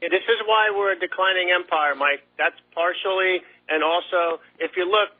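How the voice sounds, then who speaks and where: A man's voice: high voice, moderate pace. A man calling in to a radio talk show, rambling and stammering with repeated words. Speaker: caller. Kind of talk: phone-in talk. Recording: tinny phone line.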